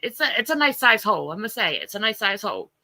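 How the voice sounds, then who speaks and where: A woman's voice: mid-range voice, very animated, quick pace, sharp tone, dry recording, low-quality recording. A woman hosting a casual livestream, greeting viewers by name and laughing through her stories. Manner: chatty, laughs at own stories. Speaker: livestream host.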